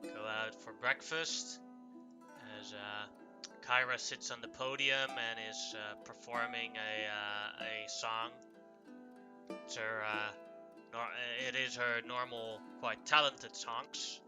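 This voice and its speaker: A man narrating a tabletop game as game master, halting with many fillers. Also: mid-range voice, level tone, music in the background.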